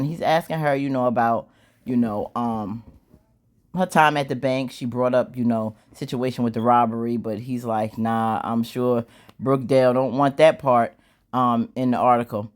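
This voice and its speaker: This is a woman with a low-pitched voice casually recapping a TV drama. Her delivery is animated and full of slang. She acts out the characters' lines as she tells the story. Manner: animated, slangy storytelling with squealing acted-out quotes and laughs. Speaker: show recap host.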